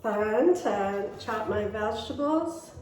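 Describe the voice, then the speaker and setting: Medium-pitched and animated but slow-paced, a woman demonstrates a recipe at home with music in the background. She chats to viewers in a folksy manner while chopping, recorded from a distance in a roomy kitchen with faint noise.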